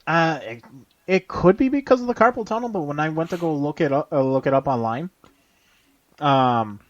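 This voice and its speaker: A man co-hosting a podcast in casual chat, halting and full of fillers and restarts. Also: a little high, animated, dry recording, lo-fi sound. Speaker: podcast co-host.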